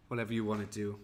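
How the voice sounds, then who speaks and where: A tired, jetlagged man from Wales, rambling and self-mocking as he chats with viewers on a livestream. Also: on the low side. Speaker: livestream host. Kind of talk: casual livestream chat.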